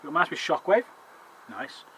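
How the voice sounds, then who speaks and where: A man in casual chat, quick and agreeable, often affirming. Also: on the high side, very animated, a bit bright, rough recording. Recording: faint background noise.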